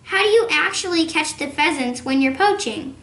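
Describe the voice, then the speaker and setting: A woman's voice: high-pitched, expressive, moderate pace, a bit bright, reverberant. A woman doing an eager young boy. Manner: wide-eyed, eager.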